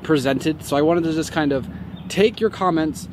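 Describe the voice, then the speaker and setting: A man's voice: on the high side, normal speed. A man hosting his own channel, chatting loosely and rambling through viewer comments while standing outdoors near a street. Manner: loose and rambling, many fillers. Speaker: YouTube host. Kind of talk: casual talk to camera answering comments. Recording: faint street noise outdoors. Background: faint traffic.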